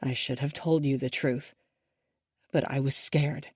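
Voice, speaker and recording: A woman voicing a remorseful father who pleads softly through tears. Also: a bass voice, fairly even intonation, measured pace, breathy edge, dry recording, clean studio sound, pitched below the performer's own voice, full character voice. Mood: regretful. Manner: soft, pleading, regretful. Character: remorseful middle-aged father, tearful and pleading.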